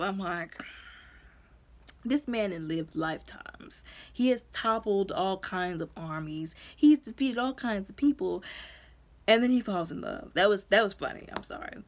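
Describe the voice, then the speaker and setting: A woman giving a casual, chatty movie review, acting out the characters' lines as she retells the story. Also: mid-range voice.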